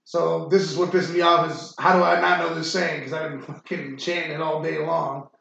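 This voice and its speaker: A man with a raspy, gravelly edge and a slightly higher voice talks sports in a rambling, profane way. His voice bounces around a strongly echoing room. The sound is muffled and dull. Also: little pitch movement, moderate pace, fairly bright tone. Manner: rambling and profane, frequent fillers. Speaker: podcast host. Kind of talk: casual sports chat.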